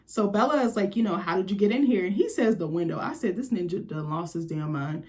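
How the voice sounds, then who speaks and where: A woman's voice: fairly low pitch, fast talker, a little mellow. Brief: young woman vlogger, casual film commentary, blunt and slangy, lots of jokes. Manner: candid, joking, slangy and profane.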